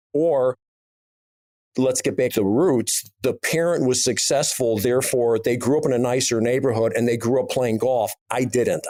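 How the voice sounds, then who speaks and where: A man's voice: medium pitch, a little mellow, no room sound, studio quality. A middle-aged man co-hosting a podcast, speaking bluntly and emphatically in a casual conversation. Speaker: podcast co-host, business owner.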